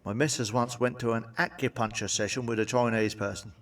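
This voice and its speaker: Male stand-up comic, mid-pitched, blunt and sweary, mic set back a little. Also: fairly even intonation, brisk, a bit bright, recorded from a distance. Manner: blunt, sweary, cheeky jokes with tag questions. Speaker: stand-up comedian. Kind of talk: stand-up joke monologue.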